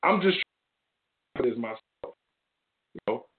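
A man's voice: mid-range voice, lively intonation, normal speed. A man hosting his own show, ranting casually in loose slang with lots of swearing. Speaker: show host. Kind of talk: casual rant to camera. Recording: tinny phone-like audio.

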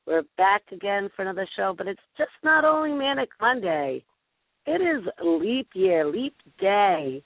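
A woman's voice: medium pitch, sing-song, a little slow, dry recording. Bubbly, rambling female talk-show host; dry, narrow phone-line sound. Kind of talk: casual talk-radio chat.

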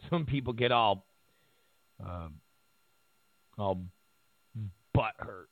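On tinny, phone-like audio with no echo, a man with a lowish voice hosts casual political commentary. He mocks his opponents, repeats his points, and laughs at his own remarks.

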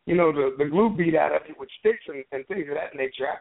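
A man co-hosting a talk radio show, chatting casually and backing the host with quick agreements. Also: a little high, creaky. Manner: frequent short agreements. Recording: tinny phone-line sound.

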